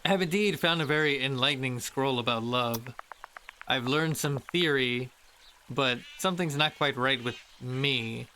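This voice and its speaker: A man's voice: medium pitch, measured pace, bright, forceful tone, slight background noise. Man putting on a hammy mock-French lutin elder, jolly and grand. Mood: earnest. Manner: theatrical, chuckling "ho ho ho". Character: jolly male lutin mushroom master, self-important.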